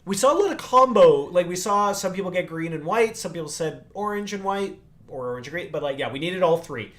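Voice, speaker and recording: A chatty, upbeat man from Canada co-hosting a casual game livestream. He laughs easily, and his voice sits a little on the high side. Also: expressive, brisk, fairly bright tone. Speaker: livestream co-host.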